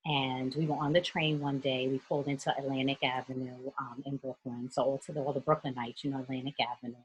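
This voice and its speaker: A woman from New York with a deep, heavily husky voice tells a personal story to a group. She speaks in an earnest, steady way over a video call. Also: fast, muffled recording. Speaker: youth mentor.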